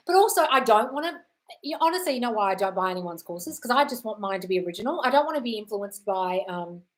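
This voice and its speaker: A mid-range voice with a sharp tone belongs to this Australian woman hosting a relaxed live-stream Q&A. She reads viewers' comments aloud and chats back in response, swearing freely and calling them darling.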